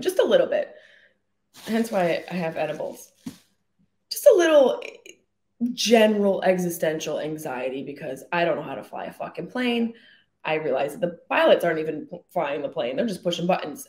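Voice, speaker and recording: On her solo podcast, a chatty woman swears freely as she rambles through joking stories. She speaks fairly quickly in a fairly low, expressive voice with a darkish tone, and the sound is roomy.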